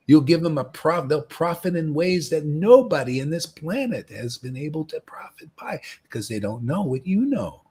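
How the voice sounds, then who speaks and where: Animated, husky male spiritual teacher. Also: fairly high pitch, normal speed, hardly any pauses. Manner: rambling, animated storytelling that mocks other devotees. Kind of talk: informal spiritual talk.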